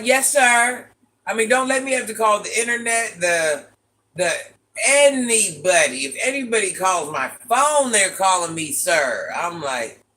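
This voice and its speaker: A woman with a deep, raspy voice hosting a casual livestream, chatting and teasing as she reads viewers' comments. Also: fairly bright tone. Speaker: livestream host reading chat. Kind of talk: casual live chat with viewers.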